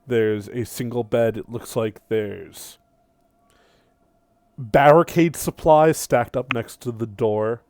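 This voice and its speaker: A man's voice: medium pitch, darkish tone, dry recording. Man narrating as game master. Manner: descriptive, unhurried scene-setting.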